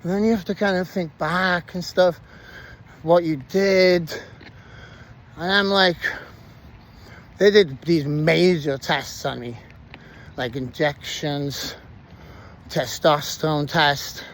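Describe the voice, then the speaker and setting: A man telling his own story in a casual, animated way, swearing freely and using slang. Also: on the high side, slow, pauses often.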